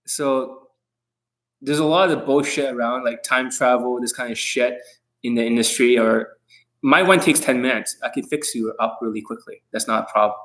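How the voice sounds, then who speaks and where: A man's voice: medium pitch, moderate pace, fairly bright tone, rough recording. Brash, swearing man lecturing his viewers. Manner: brash and combative, swearing often; boastful, talks about himself in the third person. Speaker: dating coach. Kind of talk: livestream monologue to viewers.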